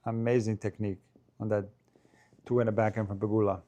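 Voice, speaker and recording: A man streaming casual live commentary on a tennis match, chatty play-by-play that rises in excitement at big points. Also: on the low side, fairly quick, dull audio.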